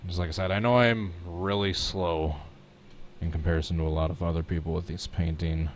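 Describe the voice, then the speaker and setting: This man talks fairly quickly in a low-pitched voice with fairly even intonation, over slight background noise. Live on stream, he paints a race truck on his computer, chatting casually and self-deprecatingly as he talks through each step.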